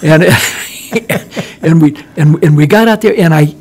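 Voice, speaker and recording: An older man appearing as a guest rambles through a long war story in casual conversation, restarting often and chuckling as he goes. His voice is on the high side, slow and husky.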